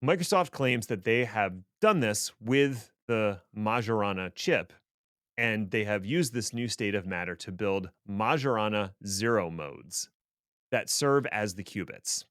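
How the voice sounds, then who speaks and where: A man's voice: on the low side, lively intonation, measured pace, a bit bright, no room sound. A man co-hosting a tech podcast, explaining things casually with dry, sarcastic asides. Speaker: podcast co-host.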